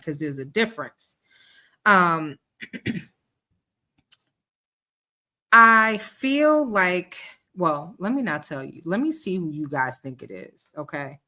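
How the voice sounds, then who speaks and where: Woman streamer-host, low but bright-toned voice, relaxed commentary to the chat. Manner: chatty, addresses chat as y'all. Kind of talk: livestream commentary.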